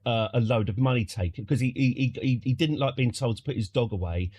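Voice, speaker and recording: A British man tells a casual story into a close desk mic. His voice sits at a middle pitch, and he rambles with wry asides and many restarts. The room sounds dry, with no echo. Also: fairly quick, a little mellow, husky. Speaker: streamer. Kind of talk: casual anecdote.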